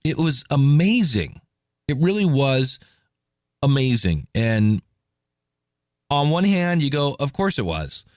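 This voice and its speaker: A man hosting a podcast, telling stories in a casual, animated way and acting out quotes. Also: mid-range voice, slow, pauses often, dry recording, studio quality. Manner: animated, chatty, acts out quotes. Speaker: podcast host. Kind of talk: casual solo podcast storytelling.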